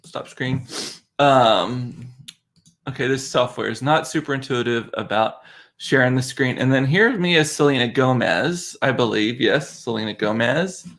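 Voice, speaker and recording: A man's voice: medium pitch, unhurried, a bit bright. A man hosting a casual livestream from his home computer, chatty and laughing at himself. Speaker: livestream host, father. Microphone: computer mic.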